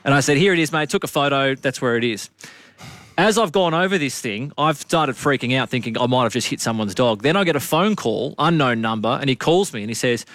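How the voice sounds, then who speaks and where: An Australian man co-hosting a radio show, telling a story in animated, casual banter and protesting his innocence. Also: mid-range voice, fairly quick, dry recording. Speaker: radio co-host.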